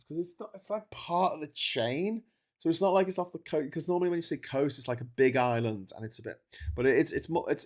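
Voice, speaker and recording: A tired man hosting a solo livestream, talking in a rambling way with frequent restarts and fillers. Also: on the low side. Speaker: livestream host.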